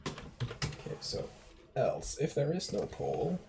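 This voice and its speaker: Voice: mid-range voice, animated, takes it slowly, very noisy. A game developer on a casual stream, thinking aloud while working at the computer. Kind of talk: casual dev stream chat. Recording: clear background music.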